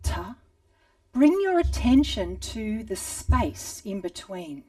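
Slow, mellow woman guiding a rhythm class. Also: fairly high pitch, recorded from a distance. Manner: calm, slow guiding speech mixed with chanted syllables. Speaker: rhythm teacher. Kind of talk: guided movement and rhythm lesson. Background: drum beat.

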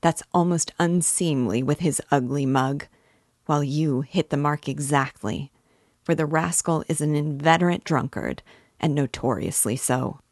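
A shrewd middle-aged magistrate, read by a woman, who leans on every point with calm, slow insistence. The delivery is unhurried and the sound is close and dry. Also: low voice, no echo. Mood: calmly pressing.

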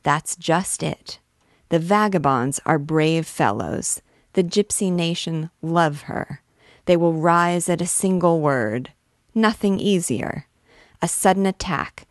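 A woman's voice: lowish voice, slow, no echo, clean studio sound. A woman voicing a vain, wordy male poet who rambles and boasts about his clever plans. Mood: musing. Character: vain chattering male poet, pleased with himself.

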